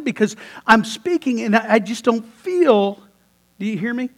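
A male pastor with a high voice preaches in church. He tells his stories with lots of energy, stumbles and restarts, and laughs along with the congregation. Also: moderate pace. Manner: animated storytelling with laughs and repeated restarts. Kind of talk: sermon.

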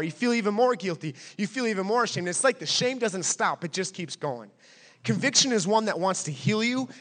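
A pastor preaching an emphatic sermon and driving points home with repetition and questions to the congregation. His voice sits high for a man. It rings with the long reverb of a big hall. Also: a bit bright.

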